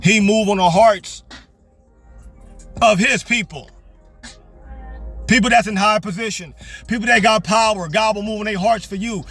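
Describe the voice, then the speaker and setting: A young man delivers a fervent, repetitive sermon from inside his parked car. His voice sits high for a man, and faint music plays beneath his preaching. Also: fairly even intonation, normal speed, long pauses, fairly bright tone. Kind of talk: motivational sermon.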